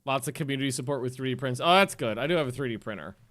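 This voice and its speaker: A man streaming a game and chatting casually, rambling, swearing and getting excitable. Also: medium pitch, racing. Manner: rambling, profane and excitable, often laughing. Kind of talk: casual chat while livestreaming a game.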